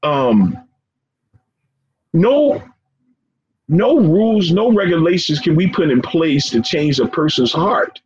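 Impassioned man, slightly high, lo-fi sound. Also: very animated, slow pace, pauses often, a little mellow. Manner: earnest and impassioned, repeats phrases and says "man" often. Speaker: guest, professor and founder of a forgiveness organization. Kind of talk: emotional interview conversation. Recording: dull lo-fi sound with faint background noise.

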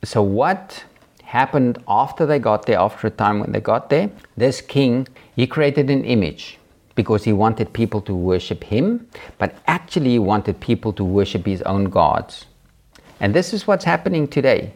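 A man's voice: on the low side, animated, normal speed, darkish tone. A man hosting a show, preaching emphatically to his viewers and repeating rhetorical questions to challenge them. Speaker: host. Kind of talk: preaching to a viewing audience.

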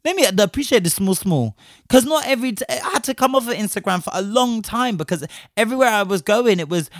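A man's voice: sits high, animated, brisk, no echo, clean studio sound. A young adult man giving an impassioned personal rant, swearing a lot and speeding up in bursts.

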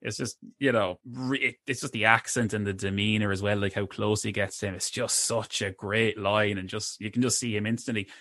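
A man's voice: on the low side, little pitch movement, brisk, hardly any pauses, bright, forceful tone, no echo, clean studio sound. A man co-hosting a film review podcast, talking casually with many hesitant restarts. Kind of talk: casual chat.

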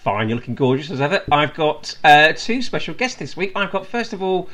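A man's voice: on the high side, sing-song, a little fast, a bit bright. Teasing man in his forties hosting. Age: 40s. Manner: teasing, chatty, with filler uhs. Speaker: podcast host. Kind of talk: casual chat.

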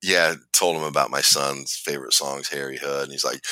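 Deep bright-toned guy rambling through a story on his podcast, dry close sound. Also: very animated, a little slow, no room sound. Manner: rambling, restarts often, laughs while telling. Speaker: podcast host. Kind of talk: casual storytelling chat.

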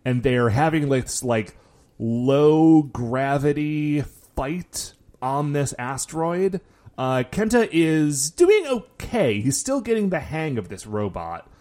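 A man casually recapping a show with a co-host, animated and acting out quotes, with lots of filler words. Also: a little high, takes it slowly. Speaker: podcast co-host.

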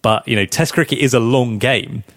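A man's voice: mid-range voice, moderate pace, fairly bright tone, dry recording, clean studio sound. A man co-hosting a casual cricket podcast, chatty and teasing, often laughing while he talks. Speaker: podcast co-host.

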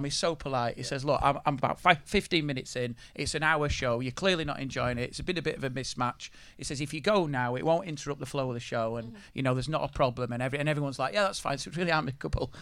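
Bright high-voiced comedian telling a story. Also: male voice, smooth, no room sound. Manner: excitable storyteller, laughs through punchlines. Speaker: comedian guest. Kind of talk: live panel anecdote. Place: live venue with audience.

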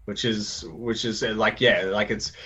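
Brief: male teacher and game runner, lively anecdote teller who slips into quoted voices, muffled lo-fi recording. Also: on the low side, measured pace, breathy edge. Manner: animated, acts out quoted voices, many fillers. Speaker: teacher running tabletop games for students. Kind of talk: casual storytelling in a podcast chat. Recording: dull lo-fi sound.

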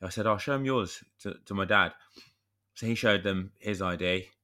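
Low, bright-voiced man telling a story. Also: normal speed. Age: 30s. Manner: rambling storyteller, chatty with mild swearing. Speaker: podcast co-host. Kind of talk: casual chat.

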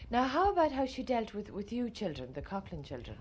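A woman interviewing someone and asking gentle, probing questions. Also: mid-range voice, very animated, a little fast, slightly rough.

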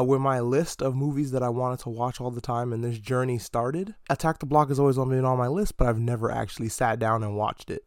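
Man, podcast host, casual movie chat, animated, swears, dry close sound. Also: mid-range voice, dry recording. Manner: animated, profane, slips into mock slang quotes. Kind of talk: casual movie review monologue.

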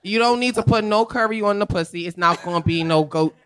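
A woman guest in a live podcast interview on a comedy club stage, talking in an animated, emphatic way with quick laughs. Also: medium pitch, crowd noise.

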